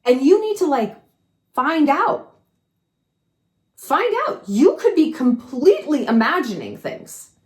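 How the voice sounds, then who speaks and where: Woman, advice vlogger, frank, swears freely, lively swooping pitch, echoey room. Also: a little slow. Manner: frank and animated, swears freely, fires rhetorical questions. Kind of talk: casual advice monologue.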